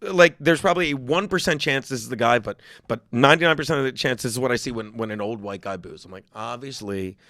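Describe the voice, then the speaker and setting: A man in his fifties, a comedian guest on a podcast, talking loudly and emphatically with heavy swearing. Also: medium pitch, animated, fast, few pauses, no echo, clean studio sound. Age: 50s. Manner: loud, profane, emphatic ranting. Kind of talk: podcast conversation.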